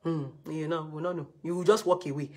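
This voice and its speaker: A woman's voice: low voice, fairly even intonation, quick pace, mellow, husky. A woman with a Nigerian accent giving blunt, scolding relationship advice in a live video session.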